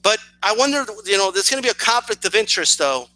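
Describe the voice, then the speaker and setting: A man's voice: high-pitched, sing-song, fast, sharp tone, a little hiss or hum, low-quality recording. A man hosting a video channel, firing off a challenging response to a rival. He talks in a sarcastic, repetitive way, restarting phrases and asking "right?" again and again. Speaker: boxing commentary channel host.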